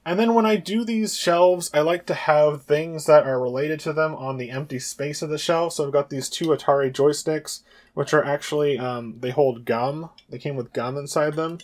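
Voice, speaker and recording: A man's voice: a little high, moderate pace. A man hosting a casual video tour of his game room, talking in a rambling, hesitant way with frequent fillers. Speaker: retro game collector and channel host.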